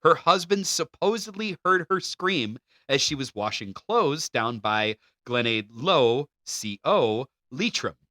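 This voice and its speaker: A man co-hosting a casual podcast, his voice bright and a little high, swinging up and down as he reads notes aloud and breaks into laughs. The close mic sounds dry and near. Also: very animated, slow pace, few pauses, dry recording. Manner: reads from notes, laughs often, stumbles on names. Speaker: podcast co-host.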